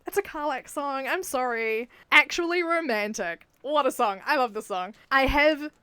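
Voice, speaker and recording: A young woman with a New Zealand accent, chatting excitedly in a casual video, gushing and often laughing. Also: sits high, moderate pace, no echo, clean studio sound. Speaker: video creator. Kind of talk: casual enthusiastic video commentary.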